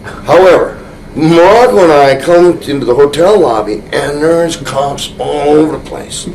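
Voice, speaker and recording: Gravelly-voiced man telling a rambling tale. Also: fairly high pitch, unhurried, a little hiss or hum, low-quality recording. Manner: chuckling, animated, full of restarts. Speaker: interview guest. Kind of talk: rambling storytelling anecdote.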